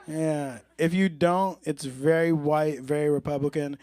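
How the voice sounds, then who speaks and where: A man's voice: on the high side, steady tone, measured pace, warm tone, no echo. A man from Orange County, California, performing a dry, self-mocking stand-up set on a comedy club stage.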